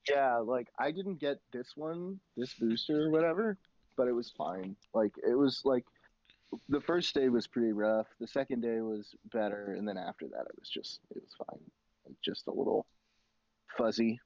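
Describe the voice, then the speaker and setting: A laid-back man chatting and joking on voice chat. His pitch is ordinary for a man. The sound is dry and close, but dull and lo-fi. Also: expressive, normal speed, a little mellow, dry recording. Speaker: stream guest on voice chat. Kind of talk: casual voice chat.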